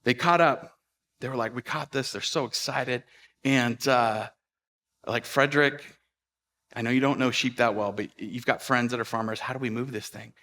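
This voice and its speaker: A man pastor telling a lively personal story in a sermon, racing through the exciting parts and dropping to a hush for the tense ones. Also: medium pitch. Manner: animated storyteller, quick bursts and hushed asides. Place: church sanctuary.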